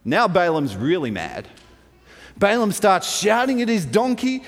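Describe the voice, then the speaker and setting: Lively high-voiced man telling a Bible story. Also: measured pace. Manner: lively, playful, with asides and chuckles. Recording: long hall reverb.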